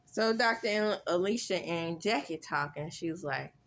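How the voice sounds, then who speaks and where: A woman hosting a casual reality TV recap, chatty and animated, with laughing asides. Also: fairly low pitch, normal speed.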